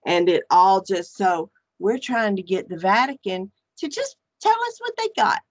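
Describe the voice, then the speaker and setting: Outspoken priestess woman, middle pitch, dry close sound, animated and frank. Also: measured pace, no room sound. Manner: animated, frank, swears casually. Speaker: podcast guest, archpriestess. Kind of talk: casual chat.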